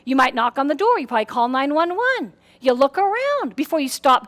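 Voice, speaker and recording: Woman, very high voice, workshop speaker, animated, acts out quotes, playful, live audience. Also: a little fast. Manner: animated, acts out quotes with big pitch swings. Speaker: speaker on personality styles.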